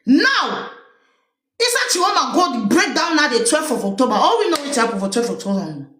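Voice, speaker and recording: High, lively Cameroonian woman commenting. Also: normal speed, reverberant. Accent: Cameroonian Pidgin English. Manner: animated, fires rhetorical questions at listeners. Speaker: livestream host. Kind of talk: casual political commentary.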